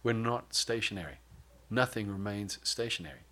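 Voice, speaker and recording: A man with a lowish voice preaching in a relaxed, conversational way. He moves between scripture and light humorous asides, and his pace slows at times for emphasis. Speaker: pastor. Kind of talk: sermon.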